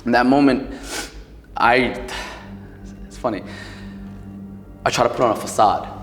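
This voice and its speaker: A man's voice: mid-range voice, measured pace, long reverb tail, soft background music. A man from New Jersey telling a personal story as a guest, in a casual, emotional way full of "like" and "um". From Paterson, New Jersey. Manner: casual and emotional, heavy with fillers. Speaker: podcast guest.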